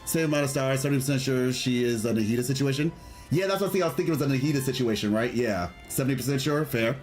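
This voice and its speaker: A man's voice: mid-range voice, racing, darkish tone. Guy streaming a game, chatty and rambly, mid voice, faint music behind. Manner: chatty, rambling, enthusiastic, reads chat aloud. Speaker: gaming streamer. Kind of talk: casual livestream chat and game commentary.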